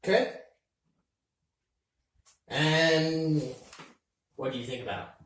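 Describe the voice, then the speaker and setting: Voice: medium pitch, lively intonation, very slow, very echoey, distant mic, rough recording. A game master narrating a tabletop game with loose, rambling descriptions full of fillers.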